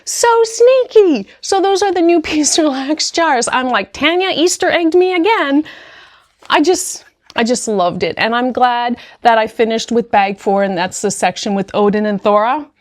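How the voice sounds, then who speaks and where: A woman with a fairly high voice chats to camera as a puzzle vlogger. She sounds emotional and grateful and keeps repeating her thanks. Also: animated, moderate pace, hardly any pauses. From New Zealand. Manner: talks to her dog in a high baby voice. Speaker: jigsaw puzzle YouTuber. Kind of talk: casual vlog chat to camera.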